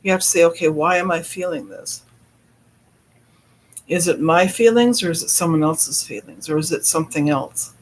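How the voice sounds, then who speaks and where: High-voiced man chatting on a live stream. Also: normal speed, slight background noise. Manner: chatty, laughs often, breaks off to greet viewers in chat. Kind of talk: casual live stream chat.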